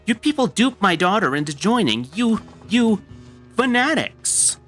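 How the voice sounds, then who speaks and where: A man voicing a distraught middle-aged mother in a game dub, with a high, wavering, pleading voice. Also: big pitch swings, moderate pace, fairly bright tone, faint music behind.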